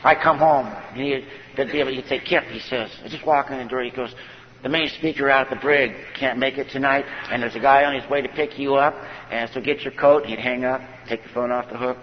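A man telling a personal story from a stage, folksy and conversational, slipping into the voices of the people in it. His voice has a middle pitch and sounds dull and lo-fi. It carries a long reverb from a big hall, with faint room noise behind. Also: steady tone, brisk. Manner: folksy storyteller who acts out quoted dialogue. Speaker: speaker at a recovery conference. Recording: dull echoey hall recording.

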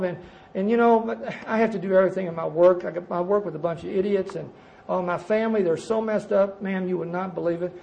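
High-voiced folksy man telling his story. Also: gravelly, darkish tone, highs cut off. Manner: folksy, self-mocking, addresses listeners as guys. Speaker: recovery speaker sharing his story. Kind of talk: storytelling talk to a recovery meeting.

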